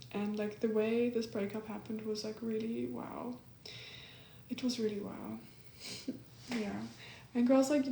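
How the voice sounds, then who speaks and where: A young woman talking casually and earnestly about a breakup, full of likes and ums, reflective and soft. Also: on the high side, reverberant. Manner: soft, earnest, heavy use of like and um. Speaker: host giving breakup advice.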